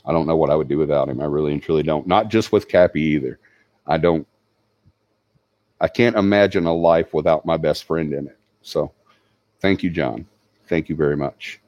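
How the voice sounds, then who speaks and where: Deep-voiced man, halting and sincere. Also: steady tone, darkish tone, dry recording, lo-fi sound. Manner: halting, sincere, many fillers. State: tearing up. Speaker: paranormal channel host. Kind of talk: emotional livestream tribute.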